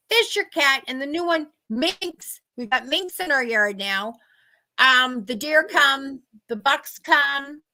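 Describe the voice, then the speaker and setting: A middle-aged woman, telling animated stories in casual chat and acting out the people she quotes. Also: sits high. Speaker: host.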